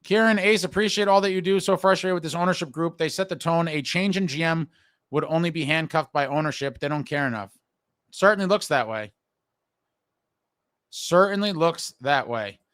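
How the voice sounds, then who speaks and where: A man's voice: fairly high pitch, fairly quick, a bit bright, no room sound. A man hosting a live fan show and reading viewer comments aloud, blunt and frustrated and swearing casually. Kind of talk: casual live-stream talk.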